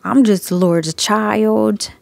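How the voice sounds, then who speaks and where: A woman with a gravelly, fry-laden voice tells her story in a casual testimony. She laughs often and acts out both sides of each conversation. The sound is dry and close, recorded on a phone. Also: mid-range voice, fairly even intonation, slow, dry recording. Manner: frequent laughter. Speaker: Christian video creator sharing messages.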